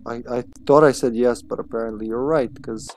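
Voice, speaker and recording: A man's voice: mid-range voice, fairly even intonation, a little fast, darkish tone, slight background noise. A man streaming a game live, chatting casually with viewers and swearing freely as he plays. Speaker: livestream gamer. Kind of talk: casual live gameplay commentary.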